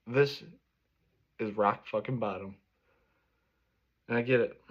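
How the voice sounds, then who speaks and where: A man's voice: on the low side, fairly even intonation, slow pace. A man in his thirties, a sports fan vlogger, delivering an angry, profane reaction rant. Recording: dull lo-fi recording.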